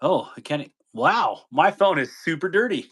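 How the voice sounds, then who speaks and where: A man's voice: a little high, very animated, normal speed, creaky, fairly bright tone, husky. A man hosting a casual live stream, greeting viewers by name, chatting loosely and laughing easily.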